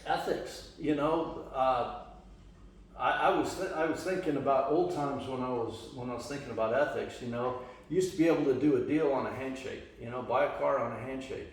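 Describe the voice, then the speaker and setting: A man's voice: medium pitch, fairly quick. Man talking in a very echoey room. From Las Vegas, western US. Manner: rambling, conversational, many restarts and fillers. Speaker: church study group leader. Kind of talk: casual church group teaching. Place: church meeting room. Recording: echoey room, distant mic, faint hum.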